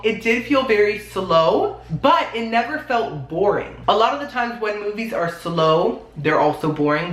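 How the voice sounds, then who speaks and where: A woman's voice: mid-range voice, a bit bright, echoey room, low-quality recording. A woman giving a casual, chatty movie review, often laughing and exclaiming.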